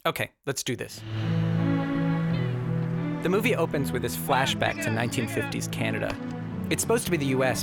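A man reviews a bad movie with dry sarcasm. His voice has a gravelly edge, and music plays steadily underneath. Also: mid-range voice. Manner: wry, sarcastic. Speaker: film reviewer. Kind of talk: comedic video review narration.

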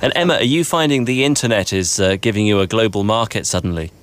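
A man's voice: fairly low pitch, fast talker, fairly bright tone. A man hosting an interview, prompting his guests with brief questions.

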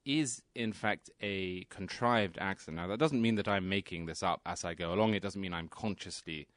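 A man with an English received pronunciation accent, co-hosting a radio talk show and explaining things in a measured, articulate way. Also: low voice, a bit bright, dry recording. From England. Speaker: guest co-host.

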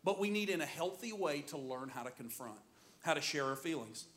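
A middle-aged man preaching a sermon as pastor, in an animated, joking storytelling manner. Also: on the high side, brisk.

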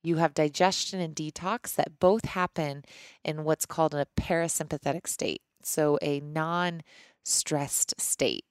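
Lady podcaster answering listener qs, kinda low voice, restarts a lot, candid chat. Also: clear, resonant tone, dry recording, clean studio sound. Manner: candid, rambling, frequent restarts. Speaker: podcast host.

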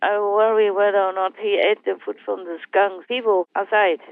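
A woman speaking as a spiritual teacher, talking gently and in a rambling way with hesitations. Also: medium pitch, flat delivery, moderate pace, no echo. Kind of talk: casual talk over a phone line. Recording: tinny phone line, dry.

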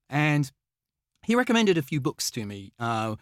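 A man's voice: fairly high pitch, normal speed, dry recording, clean studio sound. A man from England, a mathematician guest in an interview, telling stories eagerly with lots of ums, uhs and restarts. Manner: eager, animated storytelling with many fillers and restarts. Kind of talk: conversational interview storytelling.

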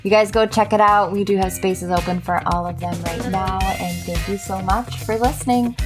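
A woman's voice: mid-range voice, fairly even intonation, moderate pace. Woman, nasal, bubbly, enthusiastic podcast host, faint music. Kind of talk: casual interview chat.

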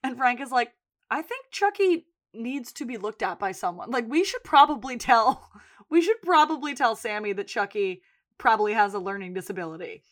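A female podcast co-host breezily goes over a TV episode, acting out what the characters said and swearing often. She sounds animated, fairly high-pitched and fairly bright, speaking at a normal speed.

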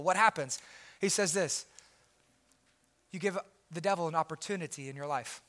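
A man delivers a sermon as pastor with a high, bright, forceful voice. He swings from loud, emphatic declarations to hushed, intense asides.

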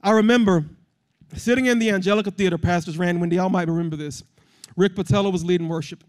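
A man preaching as a guest speaker in a church service, his voice sitting very high. He speaks directly to the congregation, leads call-and-response, and climbs into fervent shouted exhortation. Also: fast. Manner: impassioned, building to shouted exhortation. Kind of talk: sermon.

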